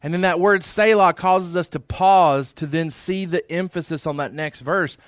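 A man's voice: fairly high pitch, normal speed, dry recording, studio quality. Earnest male pastor preaching. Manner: earnest, repeats phrases for emphasis. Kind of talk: sermon.

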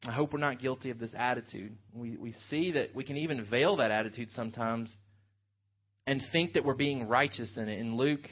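A man's voice: mid-range voice, fairly quick, husky. Earnest male preacher, lo-fi recording. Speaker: pastor. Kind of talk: sermon. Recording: dull lo-fi sound.

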